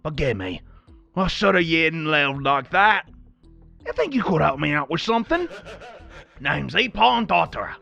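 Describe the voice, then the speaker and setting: A man putting on a brash demon blacksmith with a hammy Australian accent, high and gravelly, yelling and swooping all over the place. The voice is bright and crackly, and he talks like a loud, excitable video game craftsman. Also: a little slow, long pauses, highs cut off, soft background music, full character voice. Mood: gruff. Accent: put-on Australian. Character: brash boastful male demon blacksmith, hot-tempered. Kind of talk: reading game dialogue aloud in character.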